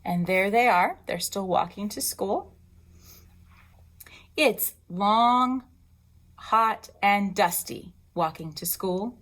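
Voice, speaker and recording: A woman librarian leading a storytime for young children, talking in an expressive, teacherly way. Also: mid-range voice, measured pace, hardly any pauses.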